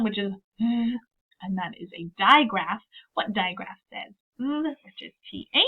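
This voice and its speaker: Teacher lady walking through a lesson step by step, upbeat, sounds kinda tinny like a phone. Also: mid-range voice. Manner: upbeat, models student dialogue step by step. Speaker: teacher trainer. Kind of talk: instructional video lesson.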